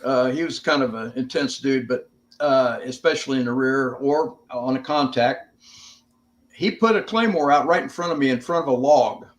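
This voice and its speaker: A man's voice: mid-range voice, moderate pace. Older man telling stories in a plainspoken way. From United States. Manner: plainspoken, swearing, laughing through stories. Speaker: guest, veteran. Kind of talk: casual interview storytelling.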